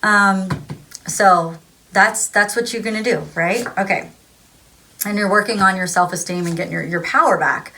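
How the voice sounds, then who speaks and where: A woman's voice: mid-range voice, normal speed, pushed and bright, a little hiss or hum. A woman vlogger talking casually about emotional healing, rambling with many fillers and acting out little voices. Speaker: spiritual vlogger. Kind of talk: casual spiritual advice talk.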